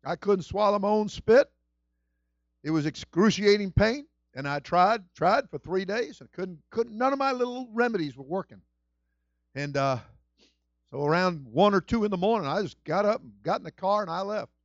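A middle-aged male pastor preaching a sermon with passion, moving between hushed storytelling and shouted exclamations. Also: high voice, animated, normal speed, no room sound, lo-fi sound. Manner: exclaims "whew" and "woo".

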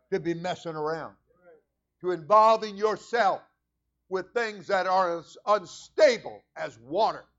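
High-voiced preaching pastor, man. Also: highs cut off. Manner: preacherly, swings from low asides to loud fervent prayer. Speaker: senior pastor. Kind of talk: sermon.

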